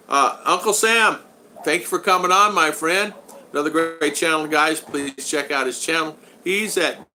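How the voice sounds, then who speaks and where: A man in his sixties with a bright, forward voice hosts a relaxed live stream from home. He chats loosely, answers his viewers and teases his regulars. A faint hiss sits under the recording. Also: fairly high pitch. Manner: chatty, reads out and answers viewer comments, friendly teasing. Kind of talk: casual live-stream chat. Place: at home in the Philippines.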